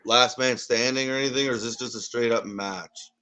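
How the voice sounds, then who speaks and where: A man's voice: mid-range voice, fairly even intonation, fairly quick, pushed and bright. A man hosting a casual live reaction chat, easygoing and asking the others questions. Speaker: watch party host.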